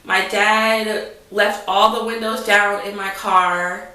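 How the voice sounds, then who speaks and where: A woman's voice: medium pitch, fairly even intonation, slow pace, pushed and bright. A young woman telling a story to the camera in a rambling, dramatic way, full of "like". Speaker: vlogger. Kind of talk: casual storytelling. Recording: roomy echo, mic at a distance.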